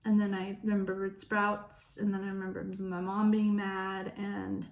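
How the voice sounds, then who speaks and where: Young woman vlogger, middle-pitched, candid and profane, telling her story with laughs and loud acted-out quotes, in a roomy space. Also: flat delivery, unhurried, few pauses. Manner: casual and frank, swears, laughs between lines; acts out quoted voices with sudden loud high bursts.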